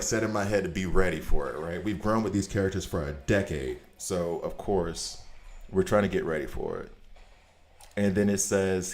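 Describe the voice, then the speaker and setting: A man streaming a game, chatting casually and telling rambling, animated stories. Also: deep voice, brisk. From United States. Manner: animated storyteller, rambling tangents. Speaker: gaming streamer. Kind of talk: casual chat while gaming. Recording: echoey room.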